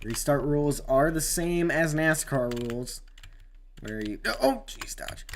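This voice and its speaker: A man commentating his own sim race on a live stream, rambling with many fillers and sudden excited outbursts. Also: on the high side, unhurried, slight background noise.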